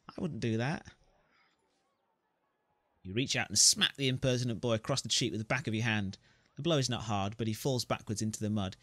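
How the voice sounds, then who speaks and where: A man's voice: medium pitch, normal speed, long pauses, fairly bright tone, no echo. Man narrating his story-game playthrough, joking asides, mid voice, dry close sound. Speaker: gamer. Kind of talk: reading a story game aloud.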